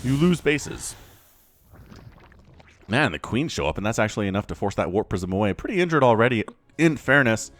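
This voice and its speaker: A man casting a strategy video game match on his own, excitable and chatty, laughing often and fighting the hiccups. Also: on the low side, moderate pace, pauses often. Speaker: game commentator. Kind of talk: solo esports play-by-play commentary.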